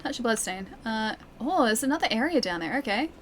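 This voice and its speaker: A chatty Australian woman plays a game on a live stream and keeps up an easy back-and-forth with her chat. Her voice sits a little high, and she laughs often between remarks. A faint hum of room sound stays in the background. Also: expressive, a little fast, a bit bright. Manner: chatty, laughs often, reads viewer comments aloud. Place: living room at home.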